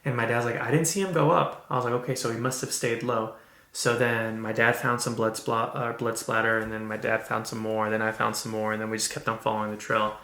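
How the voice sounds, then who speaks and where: A man hosting a podcast, telling a personal story in an earnest, halting way with many restarts. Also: lowish voice, monotone, bright, forceful tone, reverberant. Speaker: podcast host. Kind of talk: casual storytelling.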